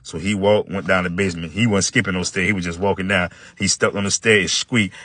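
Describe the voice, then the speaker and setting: A man telling a long joke in a casual, animated storytelling voice with relaxed dialect. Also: low-pitched, fairly quick, hardly any pauses, no room sound. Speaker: joke teller.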